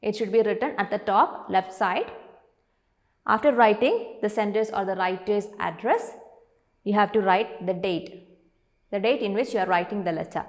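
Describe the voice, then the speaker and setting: A woman teacher with an Indian English accent, giving an online classroom lesson. She stretches words out slowly to show their syllables and asks the class questions, then answers them herself. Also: medium pitch. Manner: slow, drawn-out pronunciation of words when showing their syllables. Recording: long reverberant hall sound.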